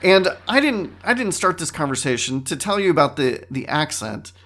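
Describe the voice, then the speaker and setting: Middle-aged man, host, loose conversational monologue, somewhat high voice. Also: very animated, moderate pace, fairly bright tone. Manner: conversational, rambling, self-correcting. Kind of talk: casual monologue.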